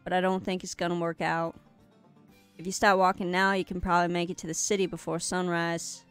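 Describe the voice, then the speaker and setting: Woman voicing a blunt, sorrowful young troll woman with a Southern twang. Lowish, smooth voice. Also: flat delivery, a little fast, soft background music, close to an everyday voice. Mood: sad. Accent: put-on American Southern. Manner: curt, hurt and dismissive.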